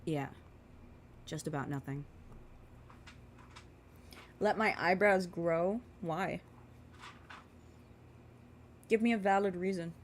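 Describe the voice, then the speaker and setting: A young woman in her twenties rants casually to her viewers while putting on makeup, looping back on herself with fillers and plenty of swearing. Her voice sits on the lower side. A faint hiss of background noise runs under the recording. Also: takes it slowly, long pauses. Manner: rambling and profane, with many fillers. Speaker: vlogger.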